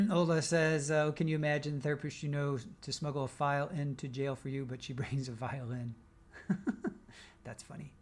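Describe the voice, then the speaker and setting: A man's voice: a little high, fairly even intonation, normal speed. A man hosting a live stream, casually reading out viewer comments with teasing jokes and frequent laughs. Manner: joking, teasing, laughs often. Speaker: livestream host.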